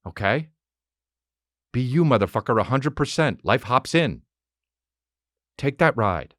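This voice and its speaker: A man's voice: mid-range voice, measured pace, no echo, studio quality. A man hosting a podcast, talking in a rambling, profane, comedic monologue. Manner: animated, rambling, heavy swearing. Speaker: podcast host.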